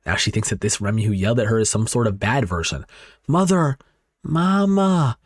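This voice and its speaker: A man's voice: on the low side, fast, breathy edge, no echo, clean studio sound. A young man giving casual commentary over a horror manga recap, reacting aloud as he goes.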